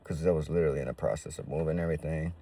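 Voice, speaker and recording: A man's voice: extremely low pitch, steady tone, rapid-fire, mellow, distant mic. A man telling his own life story in a casual, slangy, profane way.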